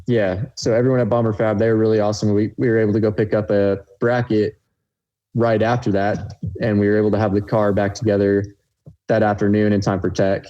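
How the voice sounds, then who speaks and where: A man's voice: lowish voice, little pitch movement, a little fast, dull audio. A young man, a racecar driver guest, telling a race story in an easygoing way on a casual podcast.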